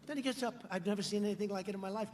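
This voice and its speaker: A man giving a campaign rally speech at a podium microphone, mocking and repetitive, shouting lines out to the crowd. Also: sits high, very fast, slight background noise. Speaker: politician addressing a rally crowd. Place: large outdoor rally.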